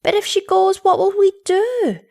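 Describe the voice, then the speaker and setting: A woman voicing a pair of eager young children, pleading in breathless, high-pitched tones. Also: big pitch swings, moderate pace, a little mellow. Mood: desperate.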